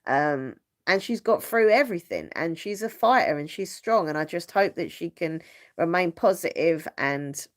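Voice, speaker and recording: A young woman host chatting casually on a live stream from her bedroom at home, rambling and laughing often. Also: lowish voice. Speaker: channel host.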